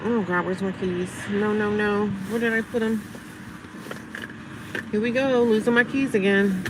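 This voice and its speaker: A woman's voice: mid-range voice, measured pace. A woman live-streaming outdoors in the cold, talking casually to her viewers and to herself. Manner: chatty, talks to herself, animated when retelling. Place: outdoors in the cold, near cars. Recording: outdoor phone audio with clear street noise.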